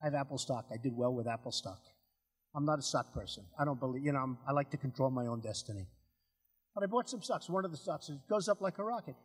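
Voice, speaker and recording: A man's voice: medium pitch, lively intonation, quick pace, slightly rough. An older man giving a rambling, boastful political speech to an audience, repeating himself and acting out phone calls. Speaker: political speaker. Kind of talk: rally speech. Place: large hall before an audience. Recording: speech in a large echoing hall.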